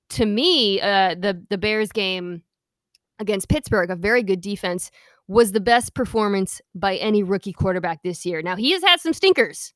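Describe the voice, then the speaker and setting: A woman's voice: mid-range voice, fairly bright tone, no room sound. Chatty woman podcast host, dry sound. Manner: chatty, quick asides, playful defensiveness. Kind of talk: casual sports podcast chat.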